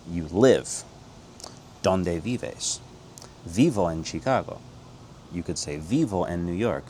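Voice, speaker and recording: A middle-aged American man giving an upbeat, casual Spanish lesson. He moves quickly between English explanations and slow, drilled Spanish phrases. His voice sits low, with a faint hum of ambience behind him. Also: a little mellow. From United States. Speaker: Spanish teacher.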